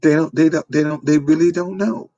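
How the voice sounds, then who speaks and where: A man's voice: fairly high pitch, fairly even intonation, a little fast, mellow, no echo, muffled recording. A man, delivering an informal preaching monologue with repetitive, emphatic phrasing. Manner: repetitive, emphatic, folksy street-preacher cadence. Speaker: online preacher.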